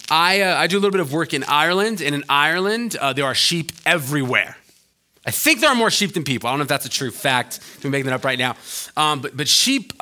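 Male pastor, sermon, bright clear tone, animated and jokey, lots of fillers and restarts, goes low and quiet to press a point.

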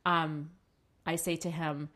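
A woman's voice: low-pitched, little pitch movement, slow pace, fairly bright tone. A middle-aged woman hosting a casual chat, candidly telling a personal story and quoting her husband. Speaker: podcast co-host.

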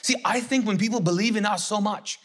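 A middle-aged man preaching a sermon as pastor, conversational and joking, acting out quick voices of others. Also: high-pitched, fairly bright tone.

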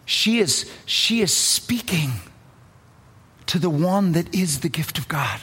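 A woman's voice: fairly low pitch, animated, slow, a bit bright, slightly rough. A woman preacher delivering a sermon, telling a story with earnest swells and drops in emphasis.

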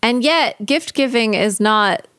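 A woman co-hosting a podcast in casual chat, teasing and quick-witted and laughing often. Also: a little high, animated, a bit bright, no echo, clean studio sound. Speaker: podcast co-host.

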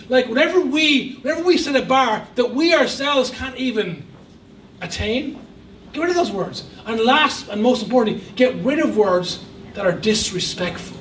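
High-voiced pastor preaching in an echoey hall. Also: male voice, expressive, moderate pace, a bit bright, recorded from a distance, a little hiss or hum. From Ireland. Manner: emphatic, preachy, with humorous asides. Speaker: guest pastor. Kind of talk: sermon. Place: church hall.

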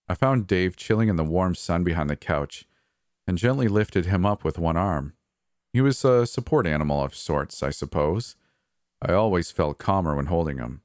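A man's voice: low voice, lively intonation, moderate pace, darkish tone, no echo, studio quality. A man narrating a first-person horror story in an anxious, hesitant manner.

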